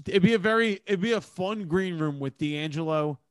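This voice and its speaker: High-pitched dude cussing a lot on a podcast, dry close sound. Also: male voice, moderate pace, smooth, dry recording. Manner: emphatic, swears a lot. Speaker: podcast co-host. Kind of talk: casual chat.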